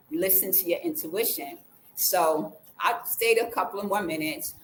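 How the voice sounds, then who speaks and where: A woman vlogger telling a personal story in a casual way, acting out the quoted dialogue with lively changes of voice. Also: medium pitch, a little slow, a little hiss or hum, poor audio. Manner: animated, acts out the quoted dialogue.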